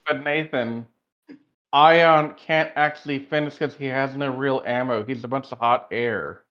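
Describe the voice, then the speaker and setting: A man's voice: mid-range voice, fairly even intonation, measured pace, highs cut off. A man co-hosting a casual review podcast, blunt and opinionated. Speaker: podcast co-host.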